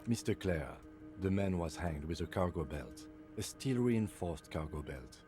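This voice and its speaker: A composed, stern police lieutenant from a video game. His low voice stays level and clipped, all business. Game music sits clearly behind him. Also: animated, a little slow. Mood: matter-of-fact. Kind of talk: game voice acting.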